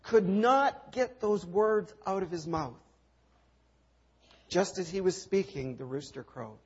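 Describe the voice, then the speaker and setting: A man's voice: high-pitched, takes it slowly, a little mellow, breathy edge. A male preacher retelling a scripture story dramatically, with rhetorical questions and repeated refrains. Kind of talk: sermon. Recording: dull lo-fi recording.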